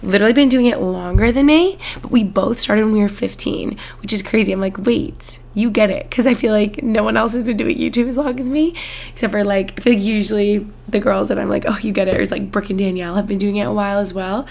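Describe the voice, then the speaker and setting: A woman's voice: mid-range voice, fast talker, gravelly, a little mellow. A woman in her twenties hosting a podcast, chatting casually in a bubbly, gushing way with lots of "like". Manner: bubbly, gushing, heavy use of "like". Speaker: podcast host. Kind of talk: casual chat.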